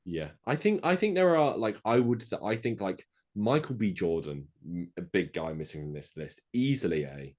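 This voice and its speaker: A man's voice: deep voice, expressive, normal speed, few pauses, a little mellow. A man co-hosting a casual podcast, dryly reading out and ranking lists of actors. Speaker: podcast co-host. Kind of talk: casual chat.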